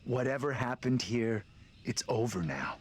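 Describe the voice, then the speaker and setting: A man playing a calm, reasoning man. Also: mid-range voice, a little slow, a little hiss or hum, natural voice.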